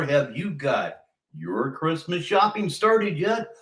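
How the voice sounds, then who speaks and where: A man's voice: a little high, sing-song, takes it slowly, fairly bright tone. A man in his sixties from Ohio hosting a livestream, chatting in a wry, sardonic way as he introduces clips. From Ohio, USA. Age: 60s. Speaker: commentary stream host. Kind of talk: casual livestream commentary. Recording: roomy echo.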